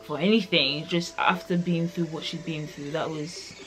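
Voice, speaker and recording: A woman's voice: sits low, fairly even intonation, moderate pace, music in the background. A woman giving a casual book review vlog, rambling with lots of "like" fillers. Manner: rambling, heavy use of "like".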